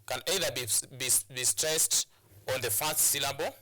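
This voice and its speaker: Bright-voiced teacher man, repeating himself. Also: medium pitch, moderate pace. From Kenya. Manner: repeats phrases, stop-start explaining. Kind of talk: classroom lesson on TV.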